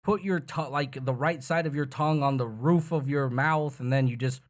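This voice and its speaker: A man's voice: medium pitch, normal speed, background noise. A tired man hosting a gaming channel, explaining casually in a rambling, profane, self-deprecating way. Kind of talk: casual tutorial chat.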